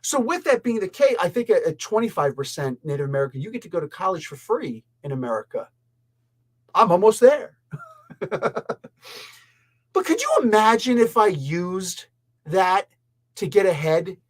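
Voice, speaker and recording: A man's voice: high voice, big pitch swings, normal speed, pauses often. A man from Canada hosting a casual review show, talking in an exasperated, rambling, emphatic way. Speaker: comic and pop culture reviewer.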